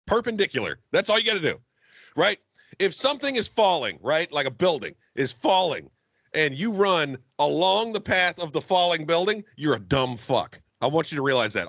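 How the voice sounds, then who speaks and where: A man from Florida co-hosting a podcast, ranting with heavy swearing and bursts of shouting. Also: on the high side, creaky, no room sound. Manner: profane, shouting rants. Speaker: podcast co-host. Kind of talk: comedic rant. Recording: slightly muffled, dry.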